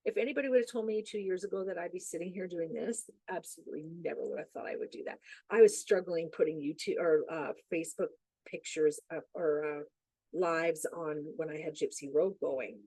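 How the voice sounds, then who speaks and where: A middle-aged woman talking casually as a podcast guest, chatty and animated, laughing often. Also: low-pitched, fairly quick, no echo, rough recording. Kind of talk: casual chat.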